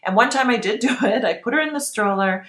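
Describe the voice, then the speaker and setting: A woman's voice: a little high, quick pace, fairly bright tone, roomy sound. Candid woman telling a personal story. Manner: candid, emotional, quotes her own past thoughts. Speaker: guest.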